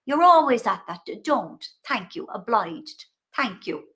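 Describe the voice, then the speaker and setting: A middle-aged Irish woman talks over a video call with a lively, animated delivery. Her voice sits a little high and swoops a lot. She keeps things casual and full of playful asides. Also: unhurried. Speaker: author guest.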